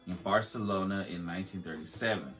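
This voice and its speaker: A man's voice: deep voice, brisk, fairly bright tone, soft background music, poor audio. A man hosting a podcast, reading a history aloud with stumbles, restarts and joking asides. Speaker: podcast host. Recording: faint beat playing under the voice.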